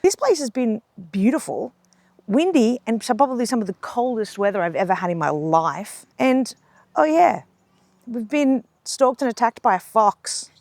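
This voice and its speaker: A young Australian woman chats brightly to her vlog audience while she is sick, her voice husky and edged with a gravelly fry. She talks outdoors at a lakeside camp, and the sound stays dry and close. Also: fairly high pitch, animated, dry recording. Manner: chatty and upbeat, quick asides. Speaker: vlogger. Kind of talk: casual vlog talk to camera.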